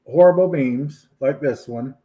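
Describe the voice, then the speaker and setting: A man hosting a casual online chat stream and cracking deadpan one-liners. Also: medium pitch, unhurried. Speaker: stream host.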